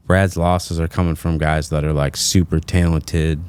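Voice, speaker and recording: A man's voice: a bass voice, little pitch movement, normal speed, darkish tone, clear, resonant tone. A man, a fighter on a podcast panel, talking fights in a rambling way, leaning on filler phrases. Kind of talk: casual fight-breakdown chat.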